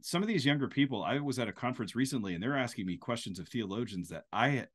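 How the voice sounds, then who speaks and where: A man's voice: mid-range voice, lively intonation, fast talker. A man hosting a faith podcast interview, talking in a playful, joking way with a preacher-like lilt. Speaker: podcast host. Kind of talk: casual interview chat.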